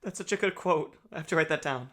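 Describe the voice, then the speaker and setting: A man's voice: a little high, quick pace. A man hosting a reaction video, gushing and emotional, with lots of exclamations and "like.". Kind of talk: excited reaction commentary.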